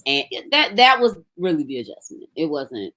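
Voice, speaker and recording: A woman from Memphis with a Southern accent, a podcast guest telling her story in a relaxed, conversational way. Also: low-pitched, moderate pace. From Memphis, Tennessee. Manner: relaxed, conversational, animated when quoting others. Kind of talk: casual storytelling interview.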